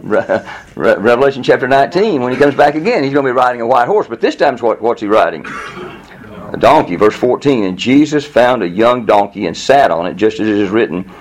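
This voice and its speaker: A man preaching a Bible teaching in a conversational, animated way, often chuckling and repeating words as he goes. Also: mid-range voice, a little fast. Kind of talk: sermon teaching.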